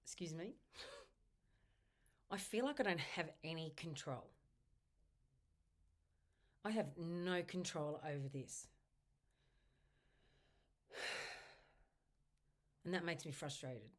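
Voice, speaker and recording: Low-voiced woman leading tapping affirmations. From Australia. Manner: slow repetitive affirmations, first person. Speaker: EFT tapping instructor. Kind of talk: guided tapping script spoken aloud.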